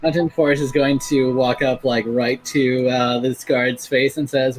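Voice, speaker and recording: A man's voice: mid-range voice, little pitch movement, a little slow, few pauses, faint music behind, poor audio. A man playing a tabletop game, hesitant with many fillers. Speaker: player. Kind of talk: casual tabletop play.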